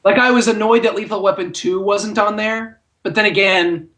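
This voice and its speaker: A man co-hosting a podcast in casual movie chat, talking in an animated way with wry, joking asides. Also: high-pitched, moderate pace. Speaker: podcast co-host.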